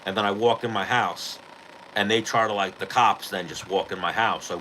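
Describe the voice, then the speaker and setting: A man hosting a podcast, casually retelling a street fight in a profane, animated way. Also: lowish voice, normal speed, a little hiss or hum, poor audio. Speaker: podcast host. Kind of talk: casual storytelling.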